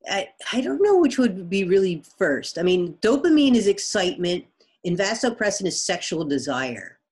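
Woman, biology professor, interview guest, explains with lively examples, mid-pitched. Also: moderate pace. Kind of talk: conversational interview.

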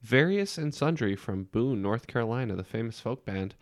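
A man's voice: medium pitch, animated, normal speed, no room sound, clean studio sound. A man co-hosting a trivia podcast and keeping score, wry and teasing. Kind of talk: casual podcast banter.

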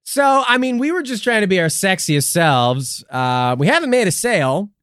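Comedy co-host, male, deadpan improviser, animated intonation, dry recording. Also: sits high, normal speed, smooth, dry recording. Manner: deadpan riffing, playing along.

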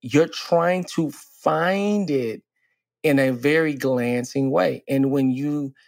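A man in his forties, co-hosting a casual podcast as a relationship coach. He talks earnestly and reflectively, drawing out key phrases slowly. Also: mid-range voice, gravelly, a little mellow, no room sound, clean studio sound.

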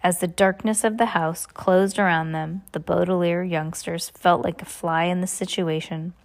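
A woman's voice: on the low side, fairly even intonation, moderate pace. A woman reading a novel aloud, often stumbling and restarting her sentences. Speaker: reader.

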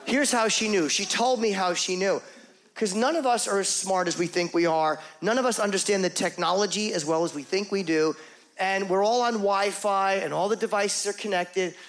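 A middle-aged man telling a crude, self-mocking story in stand-up comedy, rambling and animated. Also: high voice, normal speed, slight background noise.

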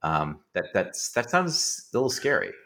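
A very low-voiced older man asks his questions as an interviewer, hesitant and musing, filling his pauses with many ums and you-knows. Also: sing-song, pushed and bright. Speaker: interviewer, college professor. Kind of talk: conversational interview.

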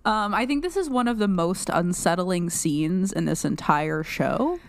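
A woman's voice: fairly low pitch, expressive, a little slow, dry recording. A young adult woman co-hosting a casual podcast, picking apart a show in rambling, analytical talk full of restarts and "like". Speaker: podcast co-host.

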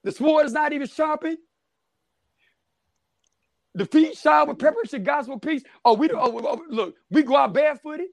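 A man preaching a shouted, rhythmic call-and-response sermon, with frequent "amen.". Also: very high-pitched, normal speed, vocal fry, long pauses, no echo.

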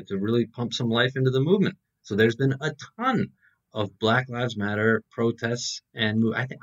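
A man's voice: lowish voice, a bit bright, highs cut off. A man co-hosting a podcast, chatting casually about politics with lots of fillers and restarts. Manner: rambling, many fillers and restarts. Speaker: podcast co-host.

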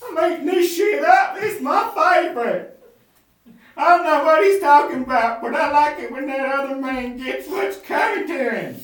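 A man voicing a slow, muddled male citizen at a press event, halting and confused. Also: extremely high pitch, animated, fairly bright tone, voice pushed up. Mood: smug. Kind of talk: improvised comedy acting. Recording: echoey room, distant mic.

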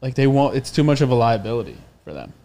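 A man's voice: mid-range voice, sing-song, fast, dark tone. A man appearing as a comedian guest on a casual podcast, with dry, sarcastic humor and frequent swearing.

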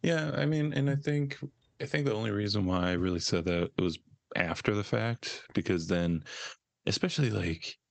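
Male co-host, deep fry-laden voice, easygoing profane banter, dry close sound. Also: normal speed, dry recording. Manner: laid-back, profane, chuckling. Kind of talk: casual podcast chat.

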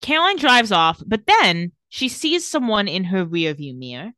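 A woman's voice: medium pitch, very animated, normal speed, pushed and bright, dry recording, clean studio sound. A woman in casual chat, recapping TV scenes and acting out the characters' lines. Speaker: podcast co-host recapping a TV episode.

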